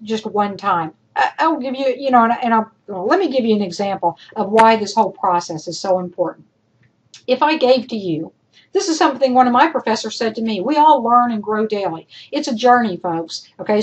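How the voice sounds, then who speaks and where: A woman's voice: mid-range voice, low-quality recording. A woman instructor recording spoken feedback for her students, emphatic and repetitive, calling them folks as she works through points. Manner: emphatic, repeats points, addresses class as folks. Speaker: college instructor.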